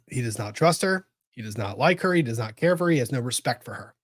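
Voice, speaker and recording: A man's voice: mid-range voice, expressive, quick pace, no echo, studio quality. Cursing man reacting on a livestream. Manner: exclaims, swears, thinks aloud. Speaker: legal commentator host. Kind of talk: live reaction commentary.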